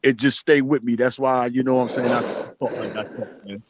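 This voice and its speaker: Fast-talking New man on a phone line. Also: mid-range voice, fairly even intonation, a little hiss or hum. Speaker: caller. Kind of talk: casual chat. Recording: dull lo-fi phone call.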